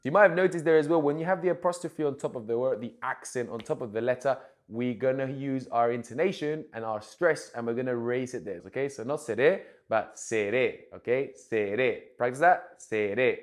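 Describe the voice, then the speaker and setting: Male Spanish tutor, casual online lesson, chatty, keeps checking in with viewers, slows down for worked examples. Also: mid-range voice. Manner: chatty, repeats "okay, guys" often; slow, careful spoken examples for learners. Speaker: Spanish teacher.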